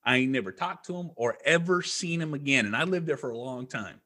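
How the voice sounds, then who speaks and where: A man's voice: mid-range voice, animated, brisk, pushed and bright. A man who is a podcast guest, telling a rambling, profane story in casual chat.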